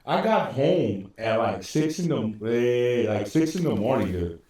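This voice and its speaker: A man's voice: medium pitch, big pitch swings, unhurried, darkish tone. A man, co-hosting a podcast and telling rambling, profane stories. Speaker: podcast co-host. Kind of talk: casual chat. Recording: echoey room, distant mic.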